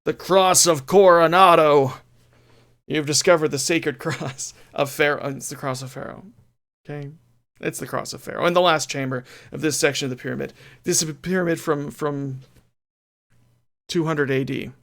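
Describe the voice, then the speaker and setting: A man's voice: a little high, steady tone, moderate pace, creaky, a bit bright. A man streaming a retro game, chatting casually and playfully, reading game text aloud with mock drama.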